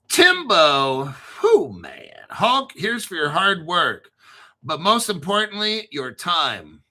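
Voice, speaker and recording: A man's voice: sits high, very animated, extremely slow, pauses often, pushed and bright. A man hosting a casual crypto livestream, rambling through long lists of names and swearing freely as he chats with viewers. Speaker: crypto show host.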